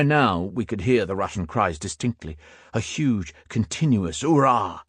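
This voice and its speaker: A man narrating a first-person war memoir audiobook in a steady, grave manner. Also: fairly low pitch, measured pace, husky, no room sound, clean studio sound.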